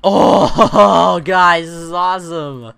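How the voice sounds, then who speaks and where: A man hosting a Let's Play, chatting casually and rambling through his gameplay with self-mocking, excitable asides. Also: high voice, slow, creaky, smooth. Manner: lively, excitable exclamations.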